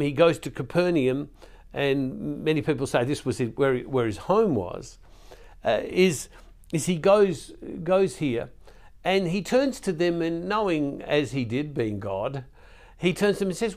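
A man's voice: fairly high pitch, expressive, moderate pace, a little mellow. A man giving an earnest devotional sermon as a Catholic preacher, pleading with his listeners and often repeating words as he goes. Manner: earnest, pleading, emotional at times.

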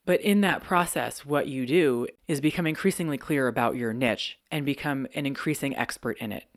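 Brief: candid, chatty solo podcast host, mid-pitched voice, close and dry. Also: moderate pace, no room sound. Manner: chatty and candid, laughs often.

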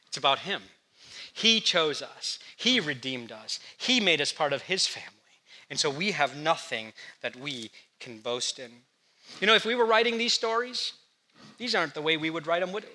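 Bright, animated preaching man. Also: high-pitched, moderate pace, pauses often. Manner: animated storytelling preacher, asks the congregation questions. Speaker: pastor. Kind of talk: sermon.

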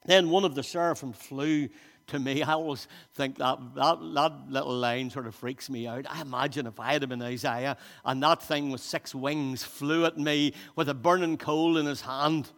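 A man's voice: medium pitch, fairly even intonation, normal speed, a bit bright. A man preaching a sermon in a church, reading scripture aloud and speaking with emphasis, often repeating and restarting his words. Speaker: pastor. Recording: long reverb of a church hall.

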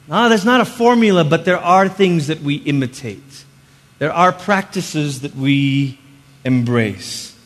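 A man preaches in an easy, conversational way, slipping into quick acted-out inner voices as he teaches. His voice sits a little high for a man. The sound carries a long reverb from a large hall. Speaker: pastor. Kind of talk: sermon.

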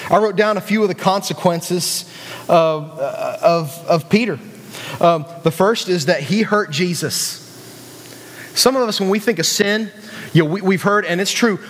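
A youth pastor from West Virginia gives a sermon in a church hall, his high, fairly bright voice trailing a long reverb. His delivery is loose and conversational, with restarted sentences and asides thrown to the room.

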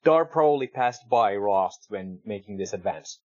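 Low-voiced man playing a tabletop game. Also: lively intonation, moderate pace, dry recording, dull audio. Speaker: player. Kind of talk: casual tabletop play.

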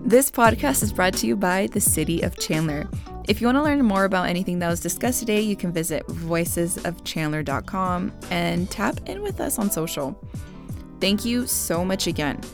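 Gravelly-voiced woman host over guitar music. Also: fairly low pitch, lively intonation, normal speed. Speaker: podcast host. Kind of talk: scripted podcast outro.

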